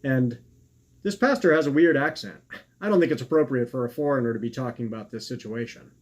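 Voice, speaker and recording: A man's voice: mid-range voice, brisk, lightly acted. A man doing a smug, rambling acquaintance. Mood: dismissive. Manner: chatty, self-assured, dismissive. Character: overfamiliar middle-aged man rambling excuses and conspiracies.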